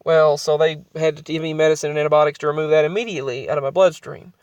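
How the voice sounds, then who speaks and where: A man's voice: a little high, steady tone, fast talker, a little mellow, clear, resonant tone, dry recording. A young adult man telling his own story in a vlog, rambling and emotional, often restarting his sentences.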